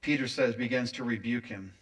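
A man preaching a sermon, with dramatic swings in loudness. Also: mid-range voice, brisk, far from the mic. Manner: dramatic, acting out quoted voices with big swings in loudness. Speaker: pastor.

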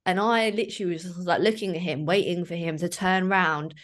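Low-voiced woman, chatty host. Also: fairly even intonation, fairly quick. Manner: chatty, storytelling with many fillers. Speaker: podcast host. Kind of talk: casual chat.

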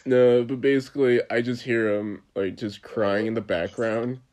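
A man's voice: medium pitch, steady tone, normal speed, darkish tone. A young man co-hosting a podcast, telling stories in casual chat and laughing often. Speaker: podcast co-host.

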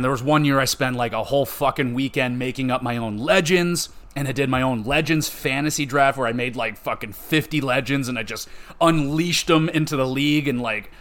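A man hosting a podcast, chatting casually and with lots of swearing, acting out quoted voices. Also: medium pitch. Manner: animated, profane, acts out quoted voices. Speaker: podcast host.

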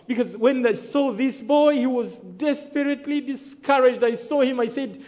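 A man's voice: very high voice, normal speed, a little mellow. A man from Rwanda giving a sermon testimony, emphatic, calling for amens and acting out the dialogue of his story. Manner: emphatic, calls for amens, acts out quoted dialogue. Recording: long hall reverb.

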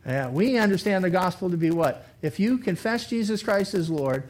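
A man, a pastor, preaching a sermon in a lively, conversational way, acting out imagined speakers. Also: sits high, normal speed. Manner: animated, acts out imagined speakers. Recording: faulty recording.

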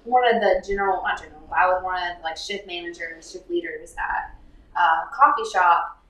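Young woman, podcast co-host, chatty and emphatic, lower voice, a bit off-mic. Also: fairly quick, fairly bright tone, recorded from a distance, poor audio. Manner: chatty, emphatic, voice drops low at the ends of lines. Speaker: podcast co-host, wedding planner. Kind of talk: casual chat.

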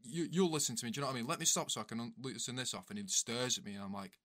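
A man's voice: medium pitch, very fast. A man hosting a podcast, telling army stories in casual, swearing banter. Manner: swears a lot, animated storytelling. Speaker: podcast host, ex-soldier.

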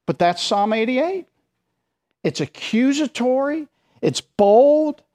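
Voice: high voice, expressive, slow pace, dark tone. A pastor preaching a sermon in a conversational but emphatic way, with informal asides.

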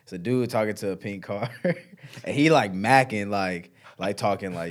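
A man's voice: fairly low pitch, normal speed. A young man in casual chat with friends, telling a story in laid-back slang.

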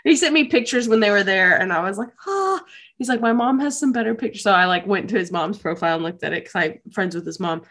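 A woman's voice: medium pitch, fast talker, few pauses. Gushing young woman recapping an anime. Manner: gushing, animated storytelling with laughs. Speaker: podcast co-host. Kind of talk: casual anime recap chat.

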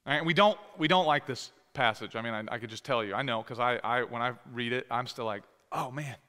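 A man preaching a sermon as pastor, talking conversationally and rising to loud, emphatic scripture reading. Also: mid-range voice, fairly quick. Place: church sanctuary. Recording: long hall reverb.

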